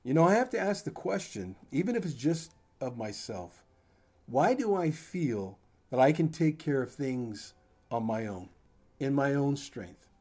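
A man's voice: mid-range voice, sing-song, unhurried, darkish tone. An older man preaching a sermon in a conversational, folksy way, with asides to his congregation. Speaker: pastor.

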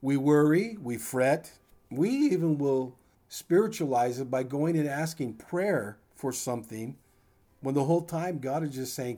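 A man's voice: mid-range voice, expressive, unhurried, mellow. An older man preaching a sermon in a conversational, folksy way, with asides to his congregation. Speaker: pastor.

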